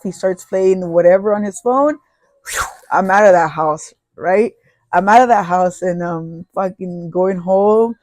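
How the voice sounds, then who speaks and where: A podcast host tells a personal story in casual, rambling fashion, swearing freely and restarting sentences. The pitch sits in a middle range. The sound is dry and close, with no room echo. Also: measured pace, a little mellow.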